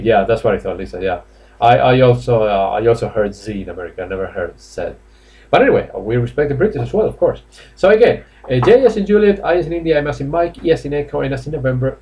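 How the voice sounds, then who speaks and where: A man's voice: mid-range voice, lively intonation, fast, warm tone. A man from Spain teaching English live online in a Spanish accent, chatty and coaxing, with lots of fillers and laughs. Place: classroom or office indoors.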